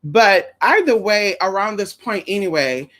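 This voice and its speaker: A woman hosting a casual livestream, sassy and animated, calling her viewers honey and girl while greeting them. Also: unhurried. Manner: swoops high for greetings and drops low for asides.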